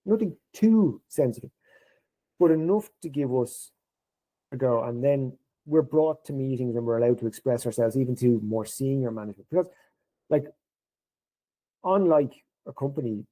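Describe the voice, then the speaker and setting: A middle-aged man, guesting on a podcast, talks briskly in a mid-range voice, and the recording quality is low. His casual workplace tales come with animated delivery, and he lifts his voice to mimic what others said.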